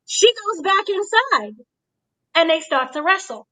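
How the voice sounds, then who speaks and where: A woman hosting a casual wrestling review, animated and acting out the quotes with gasps and shrieks. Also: very high-pitched, a little slow. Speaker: show host. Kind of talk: casual wrestling recap chat.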